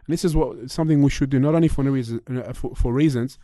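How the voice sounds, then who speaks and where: An Australian man hosts a radio talk show with a mellow, warm tone. He speaks in a relaxed, reflective way, and the studio sound is close and dry. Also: mid-range voice, fast, dry recording. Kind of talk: casual chat.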